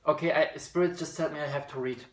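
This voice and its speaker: A man's voice: a little high, steady tone, fast talker, roomy sound. A man giving a spiritual card reading, talking casually and at times slipping into a British accent. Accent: slips into a British accent at times. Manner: chatty, slips into reading card text aloud. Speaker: tarot reader.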